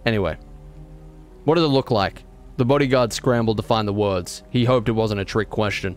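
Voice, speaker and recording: A man's voice: on the low side, moderate pace, pauses often, faint music behind. Exasperated swearing male streamer. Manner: reads passages aloud, stumbling on words. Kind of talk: livestream gameplay, reading game text aloud.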